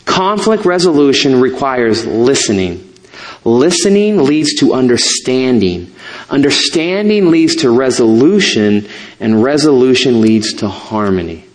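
A man's voice: mid-range voice, big pitch swings, unhurried. A middle-aged man, a pastor, preaching a sermon in a conversational way, with asides and self-corrections.

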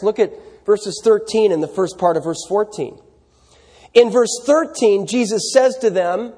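Male pastor, high and a little breathy, chatty sermon delivery with rhetorical questions. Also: a little mellow, in a large hall. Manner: conversational preaching, rhetorical questions to the congregation.

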